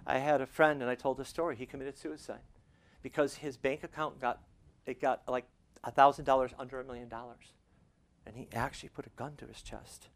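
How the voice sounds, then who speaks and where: A man preaching to a congregation, shifting between quiet, intimate stretches and loud, fervent passages, closing in prayer. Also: mid-range voice, level tone, fairly quick, gravelly. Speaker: pastor. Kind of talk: sermon.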